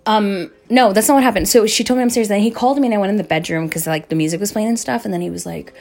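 A woman's voice: medium pitch, racing, vocal fry, hardly any pauses. A young woman casually telling a story, swearing a lot and acting out the voices of the people she quotes. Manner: profane, animated, acts out quoted voices.

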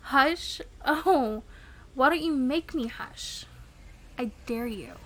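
A playful young girlfriend, voiced by a woman, teases and giggles through a romantic audio role-play. Her voice sits high and bright in pitch, and she speaks slowly, letting each word linger. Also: animated, a little hiss or hum, heavily acted. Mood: teasing. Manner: giggly and teasing.

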